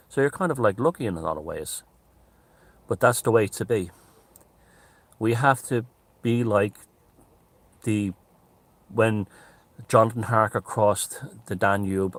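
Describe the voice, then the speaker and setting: A man with an Irish accent talking to camera in a rambling, animated monologue, swearing freely. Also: fairly low pitch, no echo. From Ireland. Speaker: commentator. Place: outdoors near mountains.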